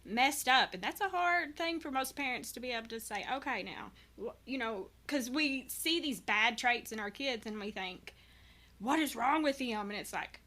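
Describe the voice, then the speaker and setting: A woman's voice: a little high, animated, moderate pace, bright, forceful tone. A woman in her thirties, a guest, talking candidly and earnestly about parenting, with many false starts and restarts. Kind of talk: candid personal conversation.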